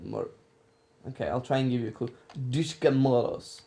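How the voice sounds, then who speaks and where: A man's voice: medium pitch, huge pitch swings, fast, creaky, dark tone. A young man from England hosting a casual podcast, teasing his friend and laughing often. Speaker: podcast host. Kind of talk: casual chat.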